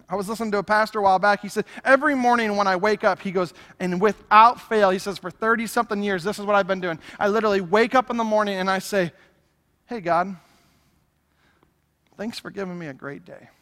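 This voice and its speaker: A pastor preaches in a high, bright, forceful voice, chatty and animated as he acts out asides. His words ring out with the long reverb of a large church sanctuary. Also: fast. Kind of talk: sermon.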